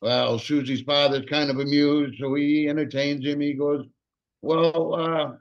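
A man spinning jokes on a casual talk show, with a fairly high voice. He tells them as a relaxed storyteller, and the recording sounds muffled and lo-fi. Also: unhurried. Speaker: co-host telling jokes. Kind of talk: casual joke telling.

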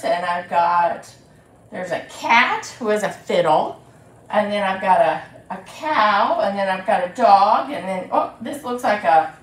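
A woman leading a children's storytime as librarian, animated and sing-song, talking to little ones and their grown-ups. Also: on the high side. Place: library room. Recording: roomy echo.

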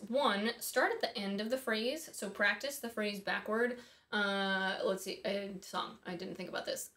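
A woman's voice: fairly high pitch, a bit bright. A woman teaching singing in a casual, chatty way, thinking aloud and dropping in small asides as she explains. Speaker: voice and harp teacher. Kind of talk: casual instructional talk.

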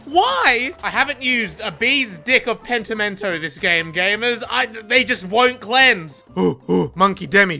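A woman giving excitable gameplay commentary, swearing, laughing often and mocking herself. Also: sits high. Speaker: gaming content creator.

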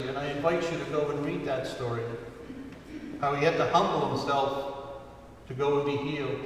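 A male priest preaching in a church, his fairly high voice caught from far off by a room mic. The sound is heavily echoey with a long hall reverb and faint ambient hiss. He speaks earnestly and unhurriedly, lifting his voice for emphasis. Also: a bit bright. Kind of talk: sermon. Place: church sanctuary. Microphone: distant room mic.

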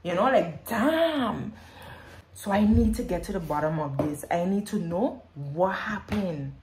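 Lady vlogging a story time, pretty emotional, lowish voice. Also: animated, measured pace, darkish tone, slight background noise. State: pregnant.

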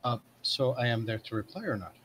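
A man's voice: mid-range voice, lively intonation, a little fast, fairly bright tone, a little hiss or hum. A man playing a tabletop game in casual chat, hesitant and unsure with many fillers. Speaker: player.

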